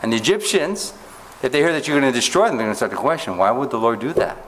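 Man preaching, slow scripture reading. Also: mid-range voice, very animated, a little hiss or hum. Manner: reads scripture slowly, asks rhetorical questions. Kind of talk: sermon, Bible teaching.

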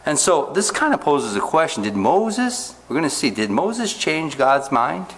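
A man preaching a sermon, reading scripture aloud slowly and stopping often to ask his listeners rhetorical questions. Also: fairly high pitch, big pitch swings, fairly bright tone, slight background noise. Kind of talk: sermon, Bible teaching.

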